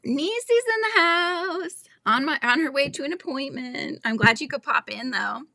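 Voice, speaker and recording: Chatty Californian woman with a bright, gravelly voice. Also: high voice, animated, normal speed, no room sound. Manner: chatty, giggly, trails off mid-sentence. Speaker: crochet livestream host. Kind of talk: casual chat reading viewer comments.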